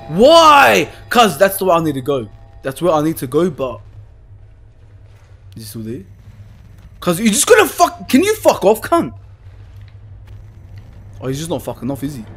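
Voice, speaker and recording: A young man playing a horror game, swearing and panicking as he yells at the screen. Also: on the high side, wildly swooping pitch, normal speed, long pauses, soft background music. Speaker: gaming YouTuber. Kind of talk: horror game let's play.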